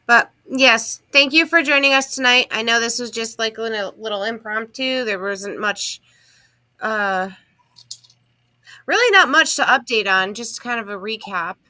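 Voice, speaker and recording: A woman's voice: on the high side, moderate pace, bright, forceful tone, dry recording. A tired woman co-hosting a livestream in casual, rambling chat. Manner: chatty, laid-back, self-interrupting. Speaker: co-host.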